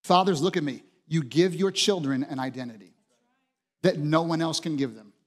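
A man's voice: on the high side, moderate pace. Passionate male preacher in a reverberant hall. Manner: passionate, emphatic preaching with repeated phrases. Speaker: pastor. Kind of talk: sermon.

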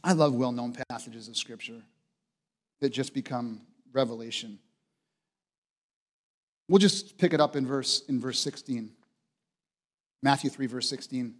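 A man's voice: medium pitch, unhurried, long pauses, in a large hall. A man preaching a sermon as pastor, passionate and emphatic, driving points home with repeated phrases.

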